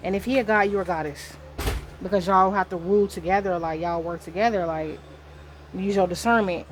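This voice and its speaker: A woman's voice: fairly low pitch, steady tone, a little fast, slight background noise. Rambling woman giving a casual spiritual reading. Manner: rambling, talkative, swears casually. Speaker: spiritual card reader. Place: indoor room.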